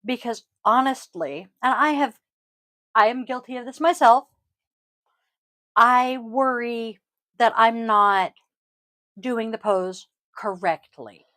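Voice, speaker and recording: A woman with a voice pitched a little above the usual, hosting a casual podcast and chatting in a loose, rambling way full of ums and throat-clearing. She is recorded at home on a close microphone in a dry, dead room with no echo. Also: slow pace, long pauses, pushed and bright. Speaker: yoga teacher and podcast host.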